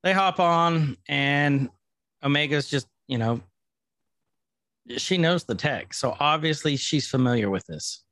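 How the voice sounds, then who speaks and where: A man's voice: fairly high pitch, measured pace, a bit bright, dry recording, clean studio sound. A man co-hosting a casual podcast, chatting and joking as he recaps an episode. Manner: playful, jokey, retells scenes. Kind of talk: casual chat.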